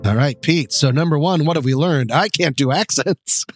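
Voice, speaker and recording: A man's voice: on the high side, music in the background. A man co-hosting a comedic podcast, joking and laughing at himself as he talks. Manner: jokey, laughing at himself, quick bursts. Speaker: podcast co-host.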